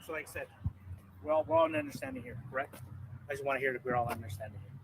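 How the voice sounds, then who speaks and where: A man's voice: fairly high pitch, huge pitch swings, very fast, creaky. A man working as an armed officer at a church, talking in a placating, hesitant way and repeating himself. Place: outdoors by a church. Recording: loud noisy phone video outdoors.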